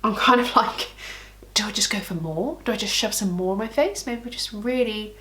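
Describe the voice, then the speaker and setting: A woman's voice: medium pitch, expressive, a little fast, noisy background. A woman makeup vlogger chatting casually through a tutorial, giggly and thinking aloud as she works.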